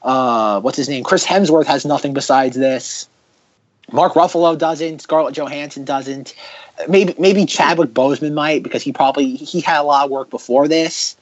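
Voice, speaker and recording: A man hosting a podcast in casual chat, ranting sarcastically in quick bursts. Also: on the high side, dry recording, lo-fi sound. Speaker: podcast host.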